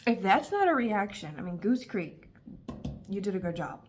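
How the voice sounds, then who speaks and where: A woman in her thirties talking casually and warmly about candles, gushing and chatty with lots of fillers. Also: medium pitch, very animated, normal speed, a little hiss or hum. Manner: gushing, emotional, talkative with frequent fillers. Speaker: candle reviewer. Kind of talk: casual review vlog.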